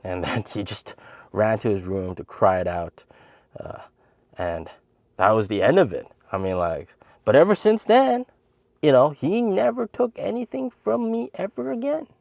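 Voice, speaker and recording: A man in his thirties tells a funny family story straight to camera, his pitch swinging widely as he goes. He slips into high, squeaky voices to quote the people in it. The sound is close and dry. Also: normal speed, gravelly, no room sound. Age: 30s. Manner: animated, acts out quotes in a high voice. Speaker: channel host.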